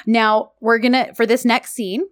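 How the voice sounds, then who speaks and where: A woman co-hosting a casual chat, animated and laughing often as she acts out lines. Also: fairly high pitch, normal speed, no room sound, studio quality. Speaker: podcast co-host recapping a TV drama.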